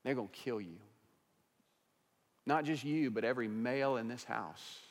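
A man voicing a calm, righteous woman who quietly and gently confronts her husband, speaking in a measured way. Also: mid-range voice, big-room sound, natural voice.

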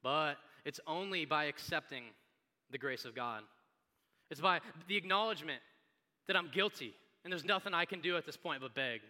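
A pastor preaches in a relaxed, conversational way and tells the story with animation. His voice sits high and sounds very bright and crisp. A long hall reverb lingers after his phrases. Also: normal speed. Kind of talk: sermon.

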